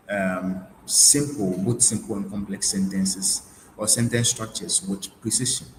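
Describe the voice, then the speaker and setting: A man with a fairly low voice gives a webinar lesson. He restates each point and often stops to restart with fillers. The room sounds roomy, with a faint hiss behind him. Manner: repeats key points, frequent fillers and restarts. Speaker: IELTS tutor. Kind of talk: webinar lecture.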